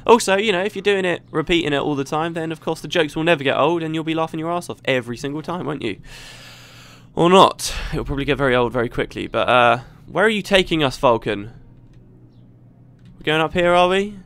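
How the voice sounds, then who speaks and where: A man's voice: fairly high pitch, quick pace, a bit bright, clean tone. A man talking casually as he plays through a video game, rambling and chatty. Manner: chatty and rambling, with frequent restarts. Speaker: let's play host. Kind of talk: casual gameplay commentary.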